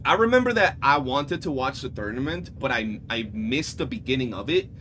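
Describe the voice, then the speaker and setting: A man streaming live, telling stories in a casual, animated and profane way. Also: mid-range voice, normal speed, slight background noise. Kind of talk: casual livestream chat.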